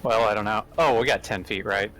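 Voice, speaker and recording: A man playing in a tabletop game, speaking in an unhurried, wry way. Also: on the low side, a bit bright, faint music behind. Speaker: player. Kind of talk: casual tabletop game chat.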